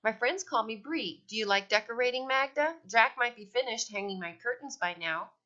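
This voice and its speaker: A woman's voice: on the high side, expressive, moderate pace, bright, forceful tone, voice pushed up. A woman voicing a sweet, eager teenage girl neighbor, in a dull lo-fi recording.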